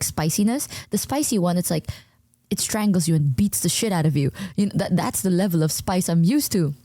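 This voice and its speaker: Young woman, streamer, quiet voice, animated storytelling, mellow tone, dry close sound. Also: on the low side, no room sound. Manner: hushed, quiet, keeps voice down; animated, stammering imitations of herself. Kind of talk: casual storytelling to stream chat. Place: at home, indoors.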